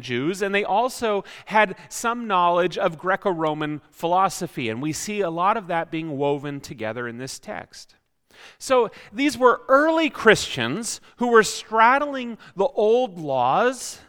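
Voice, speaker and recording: A man's voice: sits high, a bit bright, long reverb tail. A man preaching a sermon as a pastor, reflective and full of rhetorical questions.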